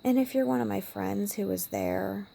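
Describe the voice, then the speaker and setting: Gravelly-voiced woman telling a personal story. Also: medium pitch, moderate pace, a little hiss or hum. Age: adult parent. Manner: emotional, drops to a hushed whisper at times. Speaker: vlogger.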